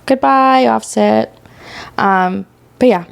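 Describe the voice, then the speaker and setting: A woman's voice: on the high side, takes it slowly, creaky, clear, resonant tone. A woman co-hosting a podcast, chatting and gossiping casually with lots of "like" fillers. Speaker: podcast co-host. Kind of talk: casual chat.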